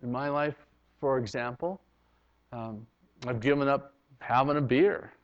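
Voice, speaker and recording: A male pastor from Canada preaching a sermon, swinging from loud, emphatic lines to hushed ones, on a dull lo-fi recording. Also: medium pitch, steady tone, a little slow.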